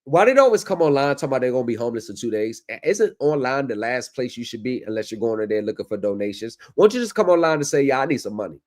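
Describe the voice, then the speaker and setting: A man's voice: medium pitch, very animated, racing, few pauses, a little mellow. A man hosting a livestream in casual chat, loose and profane in his banter. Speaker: livestream host.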